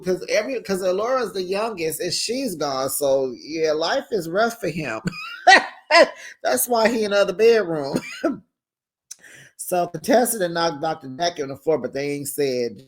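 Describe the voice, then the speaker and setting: A woman's voice: fairly low pitch, lively intonation, moderate pace. A woman hosting a casual recap show, chatty and sassy, laughing often and acting out quotes. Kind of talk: casual reality-TV recap chat.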